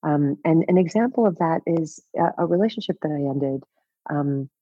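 A woman's voice: low-pitched, moderate pace, breathy edge, no echo, dull audio. A woman in her fifties, a guest author speaking candidly in an interview, laughing often and swearing casually. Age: 50s.

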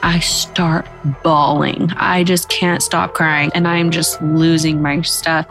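A young woman gives an interview, retelling a frightening childhood memory with emotion and vivid detail. Her voice sits slightly low, and faint music plays under her. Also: little pitch movement, slow, a bit bright. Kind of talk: recounted personal story.

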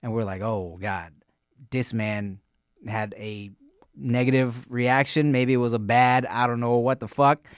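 A man's voice: medium pitch, fairly even intonation, measured pace, smooth, dry recording, clean studio sound. A man co-hosting a podcast in casual chat, laid-back and slangy with lots of fillers. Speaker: podcast co-host.

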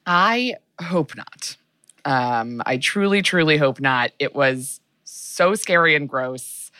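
A woman's voice: very deep voice, lively intonation, takes it slowly, bright, forceful tone, smooth, no room sound, clean studio sound. A woman co-hosting a podcast in casual chat, telling rambling stories full of fillers. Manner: rambling, filler-heavy storytelling. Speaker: podcast co-host.

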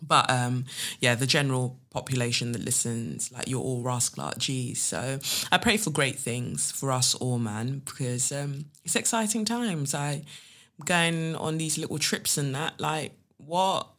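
A woman's voice: extremely low pitch, measured pace, fairly bright tone. A woman hosts a casual podcast from her living room, chatting playfully and reading tarot with spiritual asides. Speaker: podcast host.

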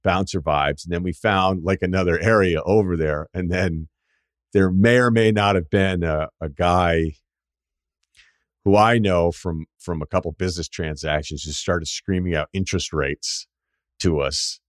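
A man in his forties, a podcast host telling a story in casual chat, animated and jumping into loud impressions of people. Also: low-pitched, measured pace, no room sound, clean studio sound. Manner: animated, swings into loud mimicking voices.

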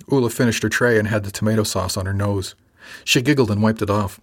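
A man narrating a first-person audiobook in a calm, even storytelling manner. His voice sits low and has a slight husky edge. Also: brisk.

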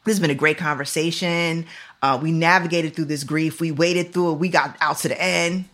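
A woman's voice: sits low, fairly even intonation, moderate pace, a bit bright. A woman in her forties hosting a podcast in casual chat, talking loosely with lots of "like" and "you know". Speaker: podcast host.

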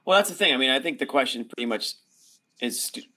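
A man on a basketball postgame panel, talking in halting restarts with wry jokes. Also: medium pitch, expressive, sharp tone. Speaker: sports podcast panelist. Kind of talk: casual postgame podcast chat.

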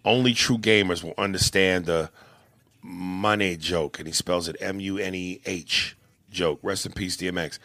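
A man's voice: low voice, fairly even intonation, moderate pace, bright, forceful tone, dry recording. A man co-hosting a casual comedy podcast, reading listener emails, swearing freely and slipping into silly voices. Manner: swears freely, slips into silly put-on voices and sung bits.

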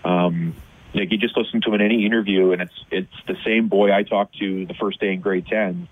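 Low, husky man on a phone line. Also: fairly even intonation, fairly quick, no room sound. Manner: conversational, many fillers and restarts. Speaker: high school football coach, guest. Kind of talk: phone-in radio interview. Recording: tinny phone line on radio.

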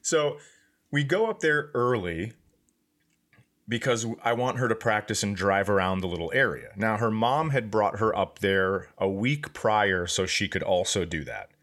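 A man's voice: lowish voice, unhurried. A middle-aged man hosting a podcast, telling a family story in casual chat and acting out what others said. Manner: lively storyteller, acts out quotes in a raised voice. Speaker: podcast host.

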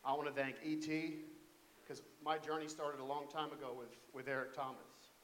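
A man's voice: a little high, little pitch movement, normal speed. A man on stage giving an earnest, emotional thank-you speech. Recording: echoey hall, loud crowd and noise.

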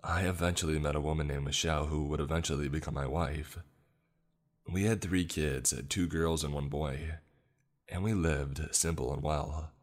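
A man narrating a first-person story in a steady, even way. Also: very deep voice, moderate pace.

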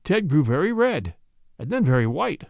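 A man reading a classic story aloud as narrator, in an expressive storytelling manner. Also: on the high side, normal speed, creaky, no room sound. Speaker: audiobook reader. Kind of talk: scripted narration.

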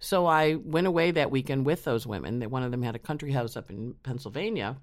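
A man being interviewed as an astrologer, telling his story casually and acting out quotes in animated voices. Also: medium pitch, fairly quick. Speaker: astrologer guest. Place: home in New York.

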